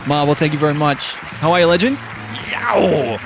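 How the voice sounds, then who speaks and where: A man's voice: fairly high pitch, lively intonation, normal speed, music in the background, a crowd in the background. A man with a Queensland Australian accent, hosting a live stream and chatting casually with viewers, laughing and swearing, and sleepy. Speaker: livestream host. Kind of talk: casual chat reading viewer messages.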